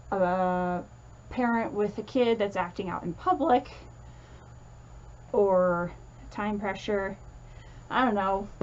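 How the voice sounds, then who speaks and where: A woman's voice: mid-range voice, darkish tone, lo-fi sound, a little hiss or hum. A woman teaching a casual lesson, chatty and full of fillers, acting out comforting quotes as she explains.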